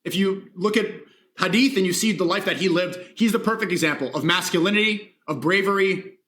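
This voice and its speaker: A man's voice: high-pitched, a little fast, fairly bright tone. A man talking on a livestream clip, earnest and lecturing as he explains his views on faith. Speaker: streamer. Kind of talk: livestream talk.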